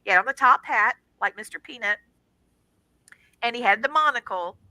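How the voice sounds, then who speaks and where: Middle-aged lady telling a wild story on a radio show, super bright voice, dry close mic. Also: a little high, normal speed, no room sound, low-quality recording. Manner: animated, dramatic personal storytelling with quoted voices. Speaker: guest on a paranormal radio show. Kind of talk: casual storytelling.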